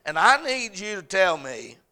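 A middle-aged preacher man delivers his sermon in a high, ringing voice. He drives his points home with force, then falls soft and quiet when he tells a story. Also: very animated, measured pace, smooth. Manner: emphatic, swinging between loud urgent points and soft storytelling.

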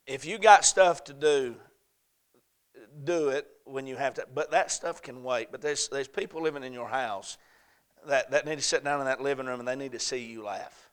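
A middle-aged man preaching a sermon, folksy and joking, swinging from quiet asides to loud emphatic bursts. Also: mid-range voice, normal speed, clean tone. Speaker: pastor.

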